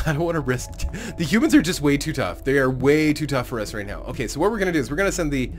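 A man's voice: fairly high pitch, sing-song, fast, soft background music. A man giving casual, rambling gameplay commentary as a let's play host, often laughing to himself. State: recovering from a cold.

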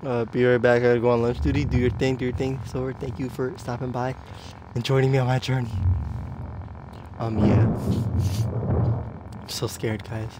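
A young man streaming a horror game, chatting casually with viewers, anxious and excitable. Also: mid-range voice, moderate pace, pauses often, background noise. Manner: anxious, excitable, talks to chat. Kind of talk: casual live-stream commentary.

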